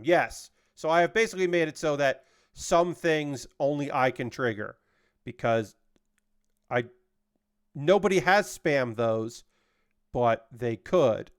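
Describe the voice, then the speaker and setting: A man's voice: mid-range voice, smooth. A man casually chatting with his stream audience while building a model kit, rambling as he works. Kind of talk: casual chat on a livestream.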